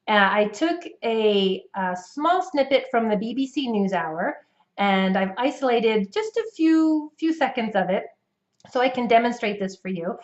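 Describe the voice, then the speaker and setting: Accent coach, woman, North American English, patient demonstrative delivery, slightly dull recording. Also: on the high side. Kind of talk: instructional explanation to camera.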